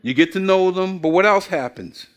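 A man's voice: high voice, normal speed. An older man preaching a sermon, asking the congregation questions and telling folksy stories with acted-out voices. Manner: folksy storytelling, acts out quoted voices. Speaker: pastor.

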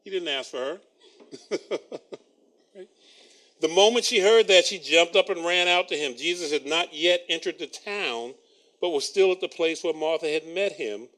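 A man's voice: on the high side, moderate pace, pauses often, a bit bright. A man preaching a sermon, reading scripture and breaking in with wry asides and chuckles.

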